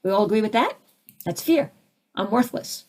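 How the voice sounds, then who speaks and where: A middle-aged woman, a spiritual teacher and counselor, giving an animated talk full of rhetorical questions. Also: mid-range voice, moderate pace. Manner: animated, acts out quoted voices, rhetorical questions.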